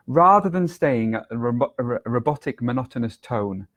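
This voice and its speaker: With a fairly bright tone and a mid-range voice, a man teaches a video lesson as an English exam tutor. He speaks clearly and deliberately, exaggerating intonation as a demonstration.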